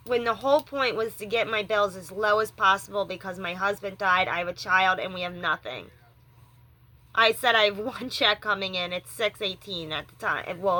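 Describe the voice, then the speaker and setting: A woman's voice: mid-range voice, pushed and bright. A young woman vlogging, rambling through an upset story about a phone company and acting out both sides of the calls. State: rattled and upset. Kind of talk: venting story to camera.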